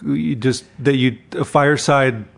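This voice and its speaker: A man's voice: mid-range voice, measured pace, vocal fry. A man interviewing a guest, asking loose, casual questions with fillers.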